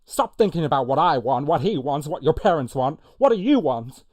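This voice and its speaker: A man's voice: a little high, very animated, brisk, pitched above the performer's own voice. A man playing an impassioned young woman. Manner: loud, raised, pleading delivery. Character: young woman demanding an answer, emotional.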